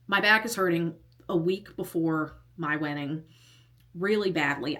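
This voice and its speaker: A young woman with a slightly low voice tells a personal storytime on her vlog. She talks casually and animatedly, laughing often as she recounts what happened. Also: measured pace, a bit bright. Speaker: vlogger.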